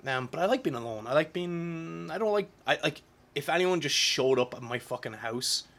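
A man's voice: a little high, expressive, moderate pace, fairly bright tone. A man in his thirties talking straight to camera in a casual, rambling monologue, swearing often and restarting his sentences. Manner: profane, rambling, frequent restarts and filler words. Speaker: vlogger.

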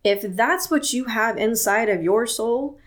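Woman podcast host, solo monologue, earnest and plain-spoken, slow delivery. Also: a little high.

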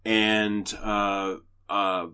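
A man's voice: lowish voice, extremely slow, clear, resonant tone. A man hosting a podcast, chatting casually about movies and swearing freely. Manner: profane, animated retelling. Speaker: podcast host reviewing movies. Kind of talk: casual chat.

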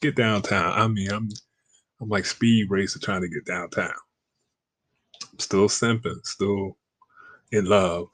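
A man's voice: lowish voice, fairly even intonation, slow pace, pauses often, fairly bright tone, no room sound. A man telling a personal story in a casual, slangy way, acting out the lines of the people in it. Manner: acts out quoted dialogue in a raised voice; slangy, conversational.

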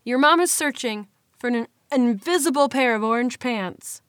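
A woman co-hosts a casual podcast, teasing her friend with playful questions and frequent laughter. Her voice sits a little high. The recording is close and dry. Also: moderate pace, no room sound. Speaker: podcast co-host and commentator. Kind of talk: casual chat.

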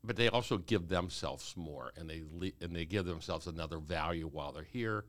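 A man's voice: sits low, brisk, a bit bright, dry recording. A man co-hosting a podcast, speaking earnestly in casual chat about his business.

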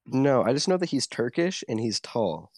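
A man's voice: mid-range voice, sing-song, normal speed, a little mellow, dry recording, studio quality. Teen guy rambling with "like" and "dude". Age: teens. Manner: rambling, filler-heavy "like" and "dude". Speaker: podcast host. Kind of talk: casual chat.

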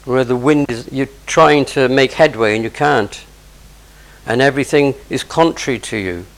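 A man's voice: medium pitch, moderate pace, rough recording. A man preaching a sermon, explaining scripture verse by verse with conversational asides.

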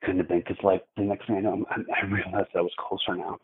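A man calling in to tell a frightening personal story, halting and repeating his words with many fillers. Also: sits low, level tone, breathy edge, narrow, tinny audio.

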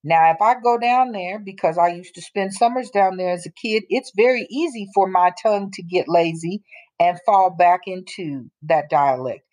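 Blunt, emphatic woman, low voice. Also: a little mellow. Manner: emphatic, blunt, drops into slow deliberate points. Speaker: co-host. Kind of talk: casual opinion chat.

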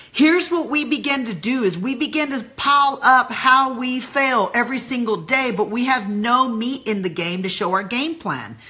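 Bright, lively motivational woman. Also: a little high. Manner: emphatic, repeats phrases, addresses listeners as girls and y'all. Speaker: women's mentor and speaker. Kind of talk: motivational talk to women.

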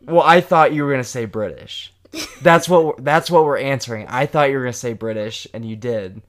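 A young man with a mid-range voice talks fairly quickly in a casual chat with his partner, joking, rambling and poking fun at himself. He's a vlogger who co-hosts with her, and his manner is playful, wandering and self-deprecating.

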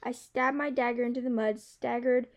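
A woman narrating a first-person novel aloud in a steady, expressive way. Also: on the high side, normal speed. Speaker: audiobook narrator.

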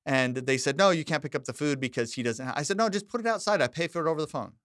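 A man's voice: medium pitch, fast, dry recording, studio quality. A middle-aged man co-hosting a podcast, telling a story in casual chat and acting out the back-and-forth of what was said. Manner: animated storyteller who acts out quoted exchanges. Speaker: podcast co-host.

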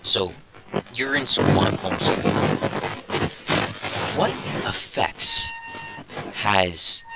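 A man's voice: deep voice, creaky, very noisy. A young man hosting a casual podcast, rambling and thinking aloud as he goes. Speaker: podcast host.

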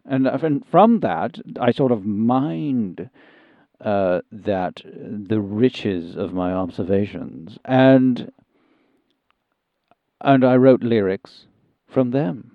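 A man's voice: lowish voice, drawn-out words, dry recording, phone-quality sound. A man playing a fussy, genteel Englishman from Sussex who has turned country singer, speaking hesitantly with many ums and restarts in an improvised comedy interview. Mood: earnest. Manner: prim and genteel.

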